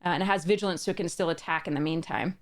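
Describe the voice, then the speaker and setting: A woman's voice: lowish voice, racing, background noise. Chuckly woman opening card packs. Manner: reads card text aloud, chuckles often, restarts mid-sentence. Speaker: trading card box-opening host. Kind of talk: casual unboxing narration.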